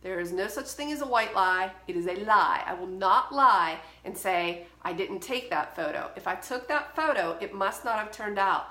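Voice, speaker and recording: A woman's voice: medium pitch, animated, moderate pace, hardly any pauses, pushed and bright, reverberant. A woman hosting a photography advice show, speaking firmly and directly. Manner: firm, direct and emphatic. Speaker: photography educator and podcast host. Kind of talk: solo talk to camera, advice.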